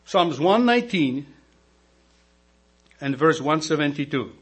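Slow, husky-voiced preaching man. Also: fairly high pitch, expressive. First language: not English. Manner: slow, emphatic preaching with rhetorical questions to the congregation. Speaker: deacon. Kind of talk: sermon. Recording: mains hum in background.

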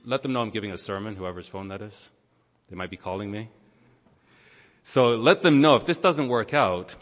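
A lower-pitched man delivers a sermon in a large hall, and his voice rings with a long echo. He preaches in a teacherly manner, pausing to unpack the grammar of a scripture passage. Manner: teacherly, explains Greek grammar, pauses on words. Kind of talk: sermon with Bible exposition. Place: church or large meeting hall.

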